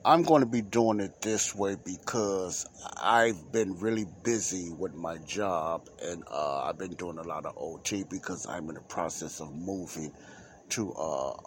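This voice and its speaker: A man with a very low voice hosts his own Christian talk podcast, speaking at an unhurried, drawn-out pace. He rambles and repeats himself in a loose, informal preacherly way. A faint hiss sits under the recording. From United States. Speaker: podcast host. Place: Chicago area.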